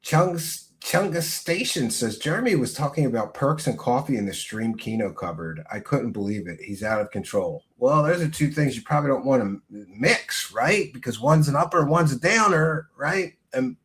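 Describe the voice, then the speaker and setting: A man's voice: medium pitch, animated, moderate pace, few pauses, fairly bright tone. A man hosting a casual livestream, commenting on a clip with mocking asides, laughter and crude remarks. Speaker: show host.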